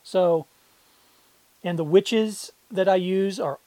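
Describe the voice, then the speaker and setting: A woman's voice: fairly low pitch, slow, dark tone, no echo. A woman co-hosting a podcast in a casual chat, rambling with restarts. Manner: rambling, frequent restarts and laughs. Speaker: podcast co-host.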